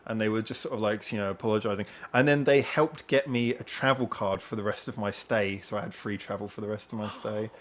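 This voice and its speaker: A man's voice: on the low side, quick pace, hardly any pauses. A man hosting a podcast, telling a long personal story in casual chat and acting out what other people said. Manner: animated, acts out others' lines. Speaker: podcast host.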